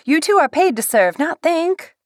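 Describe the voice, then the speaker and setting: A woman voicing a sharp-tongued woman who runs a diner, scolding her staff in a raised voice. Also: extremely high pitch, lively intonation, normal speed, no room sound, clean studio sound, pitched above the performer's own voice.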